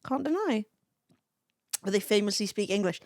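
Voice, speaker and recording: A woman's voice: medium pitch, expressive, a little mellow, no room sound. Profane, chatty woman streamer on a dry mic. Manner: chatty and profane, quick laughing reactions. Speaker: livestreamer. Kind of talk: casual stream chat, reading chat aloud.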